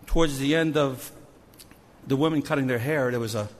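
Storytelling missions pastor in a reverberant hall. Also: male voice, mid-range voice, normal speed. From New Jersey. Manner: animated storytelling with shifting loudness. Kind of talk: sermon story. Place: church sanctuary. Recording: long church hall reverb.

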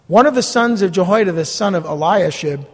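A middle-aged man pastors his congregation with an earnest, blunt, emphatic delivery. His voice sits noticeably high for a man. The sermon rings through a big hall with a long, trailing reverb. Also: expressive, a little fast.

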